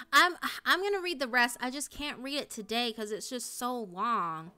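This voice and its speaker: Young woman, casual live-stream chat, bright tense voice, a little high, emotional and sweary, faint music behind. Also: normal speed, hardly any pauses, smooth. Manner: emotional, swears a lot, swings between loud outrage and low dejected mumbling. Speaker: streamer reacting to a story.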